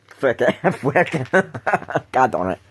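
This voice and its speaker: A man's voice: medium pitch, breathy edge. A man hosting a casual podcast chat, rambling with frequent laughs and restarted sentences. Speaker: podcast host.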